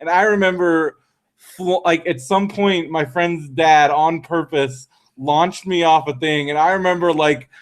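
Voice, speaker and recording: Male co-host, slightly high voice, relaxed banter, quick reactions. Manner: short reactive interjections, laughs along. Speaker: podcast co-host. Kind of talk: casual chat.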